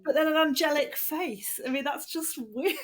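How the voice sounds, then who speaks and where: A woman co-hosting a book club podcast, making dry, deadpan remarks in casual chat. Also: sits high, normal speed. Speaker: podcast co-host.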